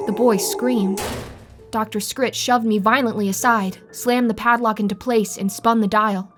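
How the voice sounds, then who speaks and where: Woman narrating a horror story. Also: mid-range voice. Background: faint music.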